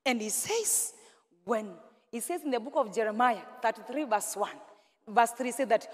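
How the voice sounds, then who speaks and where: A woman pastor, preaching a sermon with call-and-response questions and sudden shouted bursts. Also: fairly high pitch, lively intonation, normal speed, in a large hall. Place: large church hall.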